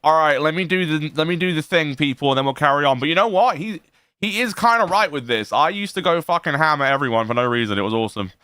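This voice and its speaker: A man's voice: on the high side, animated, quick pace, pushed and bright, clear, resonant tone, dry recording, studio quality. A man streaming, reacting to a clip in casual chat, laughing often and swearing freely. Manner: laughing often, profane, rambling.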